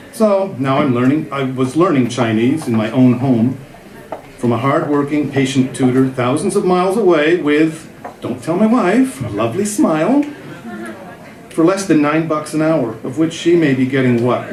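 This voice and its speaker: Wry man in his fifties reading aloud. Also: medium pitch. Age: 50s. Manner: wry, self-mocking delivery. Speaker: reader. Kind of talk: reading a personal essay aloud. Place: festival event room with a live audience. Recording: echoey room, loud crowd laughter.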